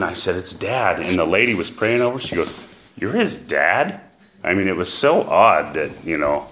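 A middle-aged man in recovery, telling an emotional personal story in a halting way with many fillers. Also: low-pitched, noisy background. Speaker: recovery speaker. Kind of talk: personal testimony.

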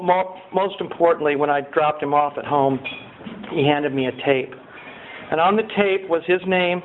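A man giving a personal testimony at a recovery meeting. He tells his story in an animated way, swinging from loud excitement to quiet earnestness. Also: fairly high pitch. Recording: tinny lo-fi recording with faint hiss.

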